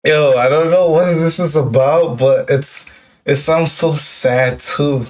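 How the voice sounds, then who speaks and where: A man's voice: a little high, takes it slowly, darkish tone, recorded from a distance. A young man hosting a music reaction video, emotional and repetitive, with lots of yo and like. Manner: emotional, repeats phrases, says yo and like. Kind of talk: casual reaction commentary.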